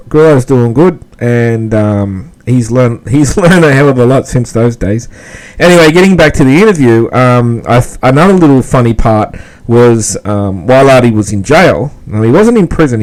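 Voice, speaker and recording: An Australian man with a mid-range, darkish voice hosts a podcast, rambling through casual commentary and halting often with fillers. The recording is rough.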